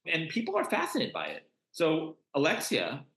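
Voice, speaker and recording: Passionate man with a bright, echoey sound. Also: wildly swooping pitch, moderate pace. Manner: passionate, talks with frequent restarts and pitch swings. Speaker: guest, congregation organiser. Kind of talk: conversational podcast interview. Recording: roomy echo.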